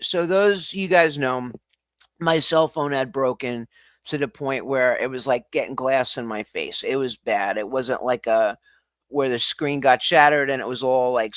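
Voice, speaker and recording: A man's voice: mid-range voice, fairly bright tone, no echo. A man hosting a casual livestream, ranting animatedly with swearing and laughter. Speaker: livestream host. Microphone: streaming setup mic.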